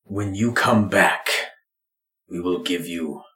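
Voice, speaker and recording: A man voicing a grave, proud lizardfolk clan father who speaks in slow, weighty pronouncements. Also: sits low, bright, forceful tone, heavily acted. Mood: solemn. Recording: roomy echo.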